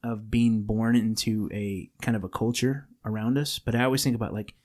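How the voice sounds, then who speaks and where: A man's voice: lowish voice, fairly even intonation, moderate pace, a little mellow. A man from California hosting a podcast, chatting casually in a studio, rambling with many restarts and fillers. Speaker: podcast host.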